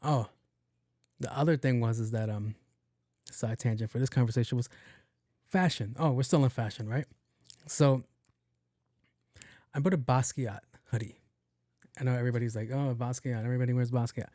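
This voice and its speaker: A man's voice: medium pitch, moderate pace, long pauses, warm tone, dry recording, studio quality. A young man hosting a podcast, telling a rambling, profane story and acting out both sides of the conversation. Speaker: podcast host. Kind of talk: casual storytelling monologue.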